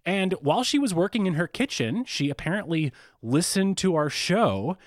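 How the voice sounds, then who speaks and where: A man's voice: sits high, moderate pace, dry recording, studio quality. A man hosting a podcast, reading announcements and an ad with enthusiasm. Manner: enthusiastic, animated. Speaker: podcast host. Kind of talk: podcast narration and ad read.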